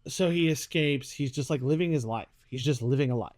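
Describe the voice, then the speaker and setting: A man's voice: medium pitch, fairly quick, dry recording. Man, casual podcast chat, acts out quotes, dry close sound. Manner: animated, acts out characters' lines. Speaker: podcast co-host. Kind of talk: casual chat reviewing a series.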